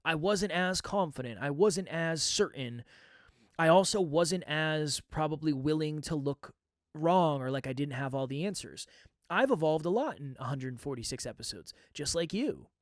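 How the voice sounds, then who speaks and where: A man's voice: on the high side, animated, moderate pace, dry recording. A man hosting his own podcast, talking candidly and reflectively in a coaching manner into a close microphone. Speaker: podcast host. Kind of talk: reflective solo podcast talk.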